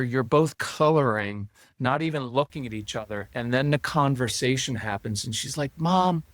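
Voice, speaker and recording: Animated middle-aged man telling parenting stories. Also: medium pitch, no echo. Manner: animated storyteller acting out parent and child quotes. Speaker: podcast guest, parenting coach. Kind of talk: conversational interview.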